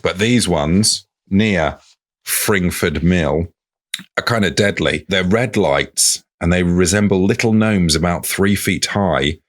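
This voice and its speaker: A man's voice: sits low, slow. A man co-hosting a comic folklore podcast, reading book passages aloud in a playful way. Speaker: podcast co-host.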